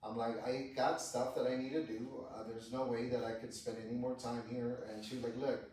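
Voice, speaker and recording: A man's voice: medium pitch, fairly quick. A man casually telling a personal story on a podcast, swearing a lot and acting out the dialogue. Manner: profane, animated retelling with quoted dialogue. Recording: echoey room, distant mic.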